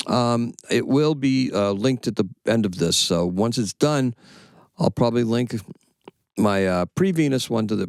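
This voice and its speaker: A man with a gravelly, fry-edged voice talks through a casual astrology report, swinging his pitch up and down as he rambles. He corrects himself with playful asides. The sound is dry and close, with no room around it. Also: a little mellow, no room sound. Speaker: astrology channel host.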